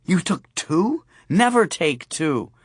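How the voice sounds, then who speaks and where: A man's voice: on the high side, big pitch swings, slow pace, slightly rough, no room sound, voice pushed up, exaggerated voice. A male narrator voicing a brash adult woman who talks bluntly and swears, with a dry close recording. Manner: brusque, teasing and swearing.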